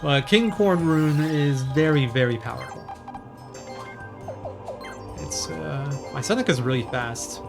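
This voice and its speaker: A man's voice: on the high side, slow pace, vocal fry, long pauses. A man giving casual live commentary on his speedrun, chatting and thinking aloud while he plays. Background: game music.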